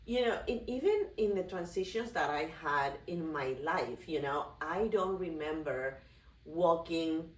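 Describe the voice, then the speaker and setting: A woman's voice: sits low, expressive, measured pace. A woman in her fifties talking earnestly and reflectively in a casual podcast chat. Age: 50s. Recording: roomy sound from a distant mic.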